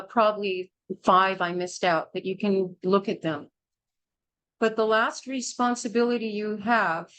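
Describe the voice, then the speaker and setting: An older woman, a midwife, gives a blunt and forceful childbirth class lecture, scolding and repeating herself. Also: on the high side, clear, resonant tone, rough recording. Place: small indoor class.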